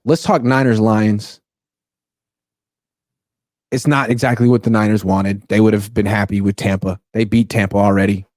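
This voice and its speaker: A man's voice: fairly low pitch, normal speed, pauses often, no room sound. Dry-miked man co-hosting sports talk. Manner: reads chat questions aloud, animated and teasing. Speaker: podcast co-host reading viewer comments.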